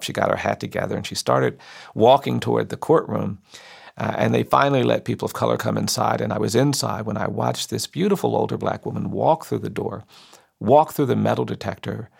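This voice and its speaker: A man, a civil rights lawyer, telling a story slowly and deliberately with measured pauses. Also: on the low side, creaky, breathy edge. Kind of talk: storytelling speech.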